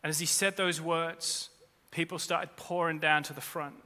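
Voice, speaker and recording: A man's voice: fairly high pitch, steady tone, normal speed, sharp tone. A man, a pastor, preaching a sermon in earnest, repeating key phrases for weight. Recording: long reverb of a large hall.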